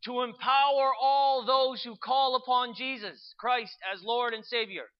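A storyteller voicing a patient, loving divine spirit in a calm, slow, tender way. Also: medium pitch, muffled recording, close to an everyday voice.

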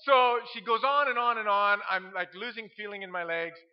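A middle-aged man who is a pastor, telling funny stories from the pulpit in an animated way and laughing at his own tales. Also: high-pitched, moderate pace, clear, resonant tone. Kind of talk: humorous sermon storytelling. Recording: dull lo-fi sound.

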